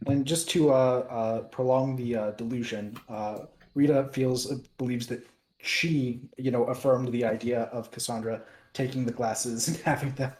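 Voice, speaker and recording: A man's voice: mid-range voice, fairly even intonation, moderate pace, darkish tone. A man playing a tabletop game, rambling with lots of fillers. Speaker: player. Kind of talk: casual tabletop game chat. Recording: echoey room.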